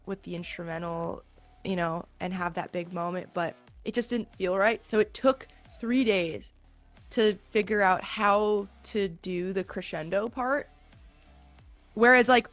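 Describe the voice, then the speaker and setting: A young woman, a singer, talking as an interview guest in a candid, thoughtful way with some hesitations. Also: mid-range voice. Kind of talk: casual video interview.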